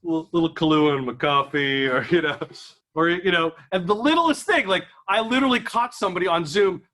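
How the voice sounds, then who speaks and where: A chatty stand-up comic with a high, bright voice rambles through his set at an office gathering. He keeps cracking himself up between lines. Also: a little fast. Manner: rambling, chatty, laughs at his own jokes. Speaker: stand-up comedian. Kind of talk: stand-up comedy. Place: office event room.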